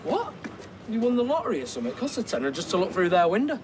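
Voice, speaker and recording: An actor playing a cocky mate, ribbing a friend with cheeky banter. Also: male voice, high-pitched, sing-song, rapid-fire, background noise. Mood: mocking. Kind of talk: TV soap acting.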